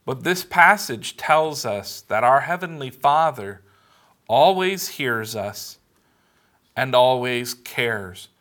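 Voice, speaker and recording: A man preaching a sermon as pastor, earnest and measured, leaning on emphatic pauses. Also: mid-range voice, lively intonation, fairly bright tone.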